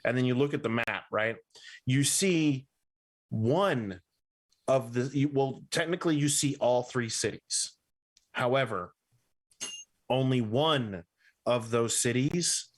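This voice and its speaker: A man's voice: medium pitch, slow, long pauses. Man running a tabletop game. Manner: playful, rambling, checks in with "right?". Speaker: game master.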